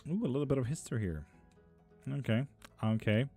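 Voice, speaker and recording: A man's voice: mid-range voice, lively intonation, brisk, warm tone, soft background music. A man chatting on a live stream as a tarot reader, reading out viewer comments, casual and sweary with frequent laughs. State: hot and sticky.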